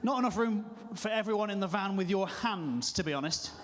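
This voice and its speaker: A man's voice: sits high, animated, fairly quick, a bit bright, slight background noise. A male comedian doing live stand-up and chatting and teasing the audience. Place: church hall, live show. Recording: long hall reverb.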